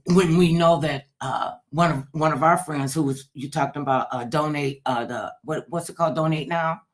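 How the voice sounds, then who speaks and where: A woman hosting a casual interview chat, telling stories in a lively comic way and acting out the voices of the people she quotes. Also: low voice, normal speed. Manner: animated comic storyteller, acts out quoted voices. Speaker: talk show host.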